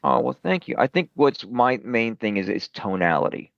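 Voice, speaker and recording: A middle-aged rock singer from Brooklyn, New York, chats loosely in a casual interview, full of fillers and self-deprecating asides. His voice is mid-range, gravelly and expressive at a normal speed. The recording is dry, dull and lo-fi.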